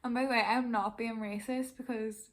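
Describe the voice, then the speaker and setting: A young Irish woman telling a story fast and casually, laughing often and swearing freely. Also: on the high side, fairly even intonation. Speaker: vlogger.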